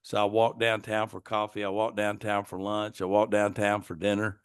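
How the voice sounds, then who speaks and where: A man's voice: lowish voice, completely flat delivery, normal speed, clean tone, dry recording, clean studio sound. A man with a Southern US accent, a podcast guest chatting casually in an easygoing way. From Atlanta area, US South. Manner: easygoing, laughs at his own jokes. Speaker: guest, mortgage broker. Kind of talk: casual chat.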